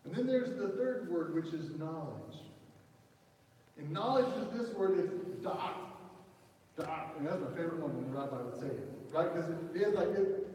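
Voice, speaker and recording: A man's voice: a little high, expressive, normal speed, dark tone, a little hiss or hum. A man in his thirties with a Southern accent, preaching a conversational sermon and often checking in with the congregation. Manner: conversational, repeats "right?" as a check-in. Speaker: pastor. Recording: echoey hall, mic far off.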